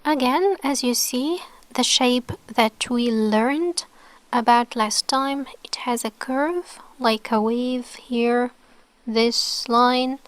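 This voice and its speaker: A woman's voice: fairly high pitch, a bit bright, dry recording. A woman teaching an online lesson, explaining patiently, often checking with okay and dropping into a whisper to model sounds. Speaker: Arabic teacher.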